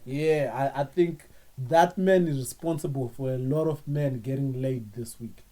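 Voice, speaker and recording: A man in a casual podcast chat, animated and often repeating words as he talks. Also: medium pitch, moderate pace.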